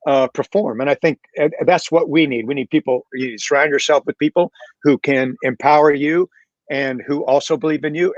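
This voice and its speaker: A man's voice: on the high side, no echo, muffled recording. Man musing on a video call. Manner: reflective, many fillers and restarts. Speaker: panelist. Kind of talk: casual panel talk.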